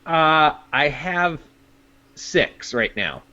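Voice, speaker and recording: A man from Vancouver, Canada, a guest chatting in a relaxed, playful way. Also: on the high side, extremely slow, lo-fi sound, a little hiss or hum. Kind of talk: casual interview chat.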